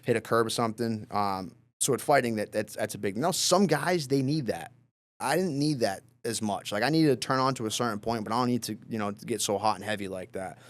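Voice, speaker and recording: A man, a professional fighter, telling stories in a loose, casual podcast interview, swearing freely and filling pauses with fillers. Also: lowish voice. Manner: relaxed, loose and profane, lots of fillers.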